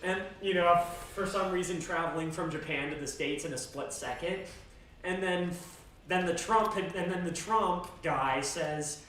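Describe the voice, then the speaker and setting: A game streamer chats casually and rambles, often restarting sentences and laughing. The voice sits at a middle pitch and sounds far from the mic. A very echoey room carries clear background noise. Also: a little slow, fairly bright tone. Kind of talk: casual chat while gaming.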